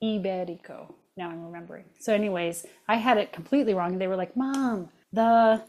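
A woman's voice: on the low side, rapid-fire, darkish tone. A middle-aged woman co-hosting a cooking podcast, chatting casually with rambling asides and frequent laughs. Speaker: podcast co-host.

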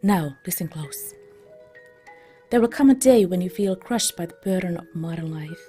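A woman voicing a gentle elderly grandfather from a video game, reading his farewell letter in a soft, hushed, lowered voice. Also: expressive, moderate pace, soft background music, lightly acted. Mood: solemn.

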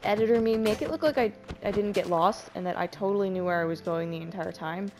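A woman's voice: mid-range voice, quick pace. Frantic self-mocking young woman gamer. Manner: panicky, self-mocking, swears freely. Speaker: Minecraft let's player. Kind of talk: casual gameplay commentary.

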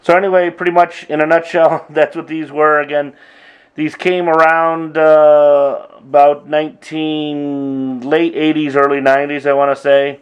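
A middle-aged man casually walking through his old drum machine sounds, talking in a relaxed, halting way with frequent pauses. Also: on the high side, smooth, lo-fi sound. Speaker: drummer demonstrating gear. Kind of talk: casual demo walkthrough.

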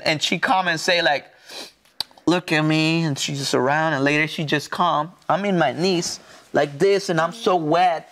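A pastor from Mexico telling his testimony in halting, earnest English with a Mexican Spanish accent. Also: fairly high pitch, fairly bright tone. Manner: earnest, halting non-native English with repeated restarts. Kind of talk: personal testimony in an interview.

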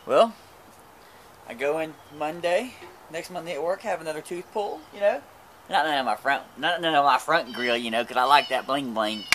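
A man's voice: a little high, a bit bright, slight background noise. Profane man rambling at the grill. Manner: crude, profane, joking, stumbling over words. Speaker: cooking vlogger. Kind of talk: rambling casual chat while grilling. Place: outdoors at a grill. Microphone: camera mic.

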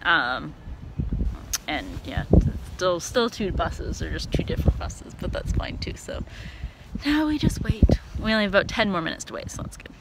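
A woman's voice: fairly low pitch, animated, moderate pace, heavy background noise. A young woman chatting casually and upbeat in a daily vlog, laughing often. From Canada. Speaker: vlogger.

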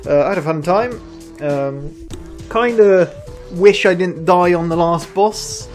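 Let's play commentary, excitable host, laughs a lot, unhurried delivery, faint game music behind. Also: mid-range voice. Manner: excitable, laughs often, talks to self. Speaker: gaming channel host.

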